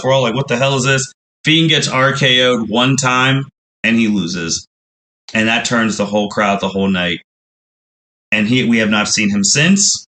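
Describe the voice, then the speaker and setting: A man's voice: medium pitch, bright, forceful tone, a little hiss or hum, rough recording. A man hosting a podcast, telling a long, rambling recap with frequent exclamations. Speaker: podcast host.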